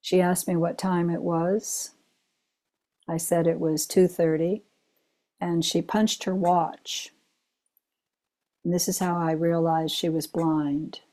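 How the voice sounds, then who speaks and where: An older woman, a retired chaplain, giving a Zen dharma talk full of personal stories, told in an unhurried way with gentle laughs. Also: fairly low pitch, level tone.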